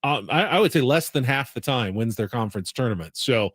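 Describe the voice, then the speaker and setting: A man's voice: medium pitch, lively intonation, brisk, fairly bright tone, dry recording. Male sports talk host, rambling explainer, dead-dry studio mic. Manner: explains at length, thinking aloud with restarts. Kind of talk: sports radio chat.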